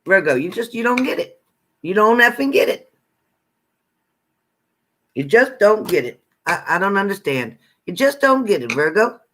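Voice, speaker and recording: A fairly high-voiced man reading psychic messages sign by sign. He talks bluntly and bossily, repeating his orders and swearing freely as tough love. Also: very animated, normal speed, long pauses, sharp tone. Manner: profane, repetitive, bossy tough-love commands. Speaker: psychic card reader.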